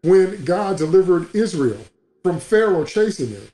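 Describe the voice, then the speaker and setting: A man's voice: high-pitched, big pitch swings, unhurried, warm tone, echoey room. A man preaching a sermon as a pastor, emphatic and repetitive, in a livestream broadcast.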